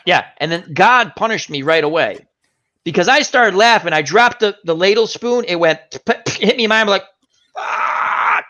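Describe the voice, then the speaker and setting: A man hosting a casual chat, telling an animated anecdote and acting out the voices of the people in it. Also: high-pitched, a little fast. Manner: animated anecdote teller, acts out quoted voices. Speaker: host. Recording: dull lo-fi stream audio.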